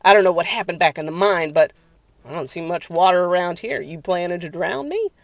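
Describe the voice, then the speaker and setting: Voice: medium pitch, fairly quick, gravelly, natural voice. A narrator voicing a nervous male henchman in a spoken story, talking warily. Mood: uneasy. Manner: wary, jittery.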